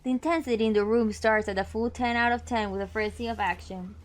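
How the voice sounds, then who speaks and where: Young woman streamer reading a silly dating game out loud, giggly, kinda high voice. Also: fast talker. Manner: playful, giggly, reacts to text. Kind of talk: reading a dating sim aloud while streaming.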